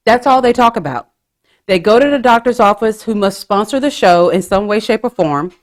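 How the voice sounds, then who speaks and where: A woman's voice: mid-range voice, animated, normal speed. A woman hosting a podcast, chatting casually with swearing and gossipy humor. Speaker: podcast host. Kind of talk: casual chat.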